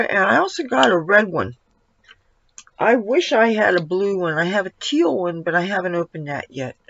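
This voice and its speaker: A man's voice: sits high, fairly bright tone. A man giving a casual makeup tutorial at home, rambling and breaking off to talk to his cat. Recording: dull lo-fi, dry sound.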